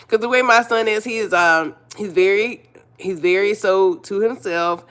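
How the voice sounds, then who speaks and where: A woman's voice: medium pitch, moderate pace, fairly bright tone. Blunt, chatty woman live-streaming. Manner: chatty, blunt, repeats herself, talks to viewers. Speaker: livestream host. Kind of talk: casual live-stream chat.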